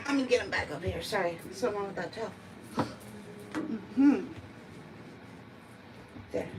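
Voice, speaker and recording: A woman cat groomer chatting casually and talking to the cat as she works in a grooming salon. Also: mid-range voice. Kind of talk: casual chat while grooming. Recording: distant mic with steady background noise.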